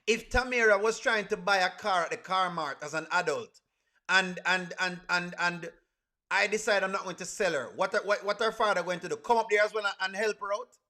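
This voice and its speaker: Bright, high Jamaican man streaming. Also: a little fast. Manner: asks the chat rhetorical questions, creole grammar. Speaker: reaction streamer. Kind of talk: casual live reaction commentary.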